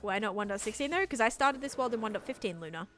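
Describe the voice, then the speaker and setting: A woman's voice: a little high, expressive, fast, fairly bright tone, faint music behind. An Australian woman chatting on a live game stream, thinking aloud as she builds and answers her chat.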